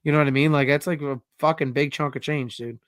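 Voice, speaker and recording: A man's voice: fairly high pitch, fairly even intonation, fast talker, no echo, studio quality. A man co-hosting a podcast over a video call, arguing his points emphatically and swearing often. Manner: profane, emphatic, argumentative. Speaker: podcast co-host. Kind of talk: heated casual sports chat.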